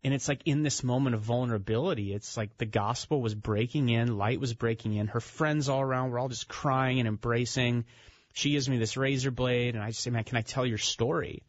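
A man's voice: mid-range voice, steady tone, fairly quick, no room sound. A man speaking as a radio studio guest, telling a story in an earnest, conversational way with fillers. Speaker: author and ministry founder, studio guest. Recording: slightly dull, dry radio studio sound.

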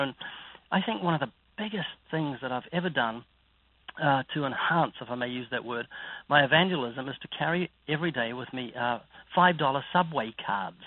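A man's voice: mid-range voice, a little fast, dry recording. A man with a New Zealand accent, an evangelist speaking earnestly and preaching in an interview. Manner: earnest, preacherly, vivid storytelling. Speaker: evangelist guest. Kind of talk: interview about faith. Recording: dry phone-like line.

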